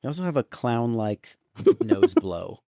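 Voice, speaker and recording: A man's voice: medium pitch, huge pitch swings, unhurried, gravelly, warm tone, no room sound. A male podcast co-host in casual movie-review chat, joking wryly and laughing often.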